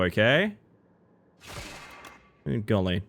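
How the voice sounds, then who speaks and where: His lowish voice moves fairly quickly as he plays a card game on stream, bantering with chat and erupting into jokey, theatrical outbursts. The commentary is casual and animated.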